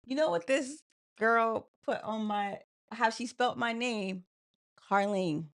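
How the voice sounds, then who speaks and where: A woman from New York co-hosting a casual live chat, talking fast and laughing often. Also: fairly high pitch, a bit bright. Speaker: co-host.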